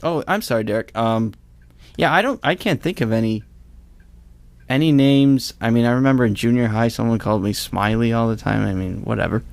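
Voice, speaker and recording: A man's voice: mid-range voice, brisk, vocal fry, dry recording. A young man hosting a podcast in casual chat, easygoing, laughing often and asking playful questions. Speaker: podcast host.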